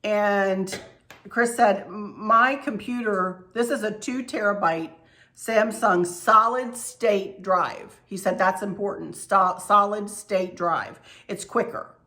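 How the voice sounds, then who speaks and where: A woman's voice: medium pitch, takes it slowly. Chatty woman vlogging at home. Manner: chatty, rambling, warm and effusive. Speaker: channel host. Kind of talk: casual chat to camera.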